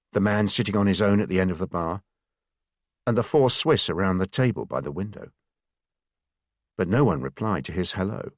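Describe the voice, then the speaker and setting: An audiobook narrator with a low voice reads a scripted thriller in a measured, expressive storytelling style. The studio recording is clean, with no room sound.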